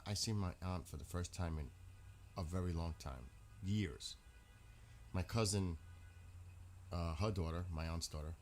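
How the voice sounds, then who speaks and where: A man's voice: low-pitched, slight background noise. A man talking casually to his live-stream chat, rambling through news and stories.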